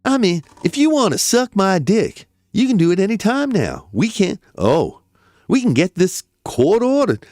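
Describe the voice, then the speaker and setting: Male reader as a shrill, cursing defendant, up and down pitch, dry booth. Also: big pitch swings, unhurried, no room sound. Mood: taunting. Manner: yelling profanities, stammering. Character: angry male defendant, crude and defiant. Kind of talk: dramatic reading of a court transcript.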